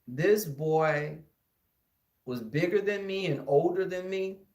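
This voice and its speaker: A man from Houston with a Texan accent, telling a childhood story in an animated, casual way to his listeners. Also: sits high, slow pace. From Houston, Texas. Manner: animated, addresses listeners as y'all, acts out the scenes. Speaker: podcast host. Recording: echoey room.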